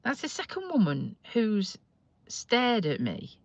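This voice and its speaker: A woman's voice: medium pitch, wildly swooping pitch, slow pace, dry recording, lo-fi sound. A woman, chatting and grumbling to viewers on a phone livestream from a parked car, with some mild swearing. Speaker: vlogger doing a phone livestream. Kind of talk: casual ranting chat to viewers. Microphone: phone held in front of her.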